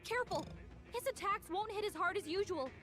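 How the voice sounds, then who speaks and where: A peppy game navigator. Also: female voice, extremely high pitch, brisk. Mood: encouraging. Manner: encouraging battle callouts. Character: upbeat young female party navigator. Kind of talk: game voice acting. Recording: game audio under music.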